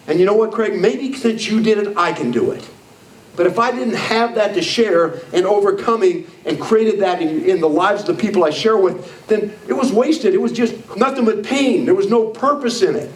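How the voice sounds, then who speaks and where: A man's voice: sits high, normal speed. A man in his sixties giving a motivational speech to a live audience, blunt and emphatic. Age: 60s. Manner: blunt, emphatic, repeating "I don't care" and "you know what?". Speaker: motivational speaker. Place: meeting room with an audience. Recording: echoey room, voice far from the mic.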